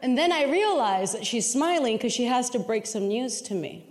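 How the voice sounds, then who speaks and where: A woman's voice: fairly high pitch, animated, moderate pace, noisy background. A woman performing a stand-up comedy set, telling a story with acted-out dialogue and plenty of profanity. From Mexican heritage. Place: large venue before a live audience. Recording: roomy live venue with loud crowd. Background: laughing audience.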